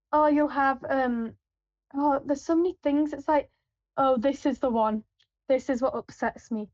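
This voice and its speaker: Rambling high-voiced woman. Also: takes it slowly, long pauses, darkish tone, dry recording. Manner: rambling, with frequent fillers and restarts. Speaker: supermarket till worker. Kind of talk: casual anecdotal chat. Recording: dull, lo-fi, dry.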